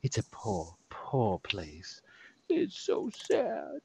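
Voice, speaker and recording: A man's voice: lowish voice, huge pitch swings, extremely slow, gravelly, noisy background, voice pushed down, heavily acted. A man voicing a creepy, coaxing sorceress who wheedles and drops into whispers. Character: creepy sing-song sorceress woman, coaxing.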